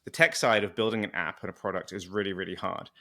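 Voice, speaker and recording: A man's voice: sits low, steady tone, fast, pushed and bright. A British man hosting a casual podcast interview, chatty and enthusiastic with a joking streak. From Britain. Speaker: podcast host.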